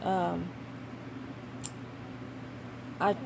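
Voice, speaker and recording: A young woman with a Southern US accent from Tennessee, chatting casually and emphatically on a vlog, with fillers and pauses. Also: on the low side, flat delivery. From Knoxville, Tennessee, USA. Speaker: vlogger. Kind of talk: casual chat. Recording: home recording with clear background noise.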